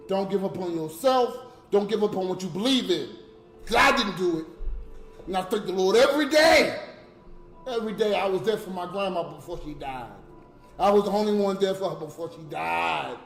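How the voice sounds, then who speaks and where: Impassioned man, high gravelly voice, repetitive and profane, echoey room. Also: fairly quick, long pauses, soft background music. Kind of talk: emotional personal storytelling.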